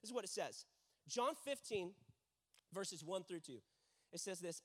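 High-voiced animated young preacher man. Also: unhurried, pauses often. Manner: storytelling preacher, acts out quotes, emphatic repetition. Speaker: pastor. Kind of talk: sermon.

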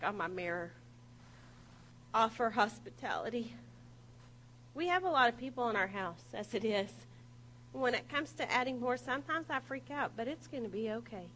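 A woman preaching a humorous sermon, telling stories in an animated, self-mocking way. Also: on the high side, a little hiss or hum, rough recording.

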